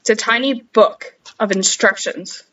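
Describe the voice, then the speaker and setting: A woman's voice: a little high, a little slow, a bit bright, distant mic, dull audio, slight background noise. A young woman streamer chatting casually, rambling and giggling at herself. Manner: giggly, rambling, self-mocking. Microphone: headset.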